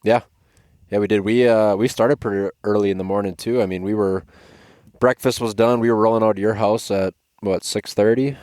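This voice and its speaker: A man's voice: fairly low pitch, steady tone, fairly quick, a little mellow, no room sound, studio quality. A man who is a guest on a podcast, chatting in an easygoing, agreeable way and sounding exhausted. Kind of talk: casual chat.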